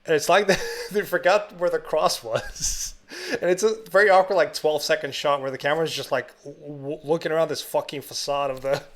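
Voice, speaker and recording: A man's voice: fairly high pitch, fairly quick, few pauses. A man co-hosting a podcast, retelling a film in casual chat with laughs and swearing. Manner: animated, laughing storytelling, frequent swearing. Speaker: podcast co-host.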